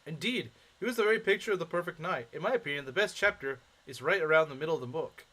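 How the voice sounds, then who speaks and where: A man's voice: fairly high pitch, expressive, fast, pushed and bright, low-quality recording. A man reading as a formal young prince. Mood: earnest. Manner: formal, courtly phrasing. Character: noble young male prince, formal and devoted. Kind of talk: reading game dialogue aloud.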